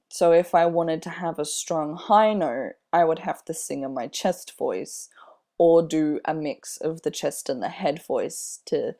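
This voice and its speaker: A young man in his twenties with a slightly airy voice, talking casually in a personal vlog, unhurried and rambling with many fillers. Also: on the high side, gravelly, a little mellow. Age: 20s. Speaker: vlogger.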